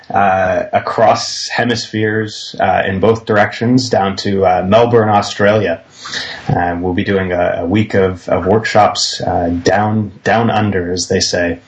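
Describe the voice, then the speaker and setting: A man on a casual podcast giving upbeat announcements, pausing often on fillers. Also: on the low side. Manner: upbeat, many filler pauses. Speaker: podcast regular.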